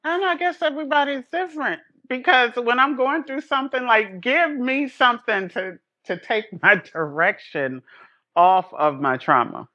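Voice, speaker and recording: A woman's voice: a little high, moderate pace, pushed and bright, dull audio. A woman hosting a casual conversation, reflective and asking questions, often repeating phrases. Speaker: podcast host.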